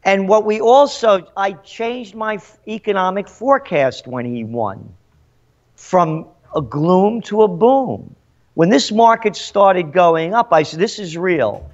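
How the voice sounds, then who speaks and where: A man's voice: sits high, animated, slow. A man being interviewed as a trends forecaster, speaking emphatically and indignantly, full of rhetorical questions. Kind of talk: animated interview. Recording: dull lo-fi sound.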